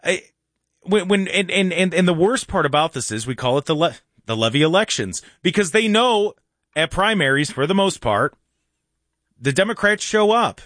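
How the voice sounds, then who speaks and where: Host with a light, high-pitched voice, sarcastic radio rant, close dry mic. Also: male voice, expressive, a bit bright, no echo. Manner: sarcastic, mocking with slow sing-song asides. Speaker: radio talk show host. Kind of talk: opinionated call-in radio monologue.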